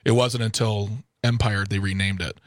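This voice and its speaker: A man's voice: on the low side, fairly even intonation, normal speed, no room sound, studio quality. A man co-hosting a radio show, chatting casually in a playful, chatty way and laughing easily. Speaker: radio co-host.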